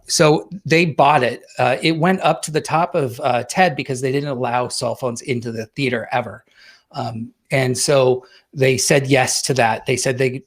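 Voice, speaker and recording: A man telling a personal story in a relaxed, halting way, with many fillers and restarts. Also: medium pitch. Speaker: guest. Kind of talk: casual storytelling.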